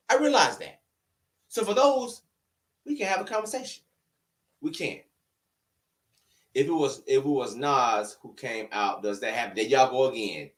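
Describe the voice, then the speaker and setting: A man with a high, swooping voice rants straight to camera in a heated, argumentative way. He fires off rhetorical questions one after another, and his pitch rises and falls widely as he pushes his point. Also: a bit bright, distant mic. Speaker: online commentator. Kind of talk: heated opinion rant to camera. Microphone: camera-facing recording.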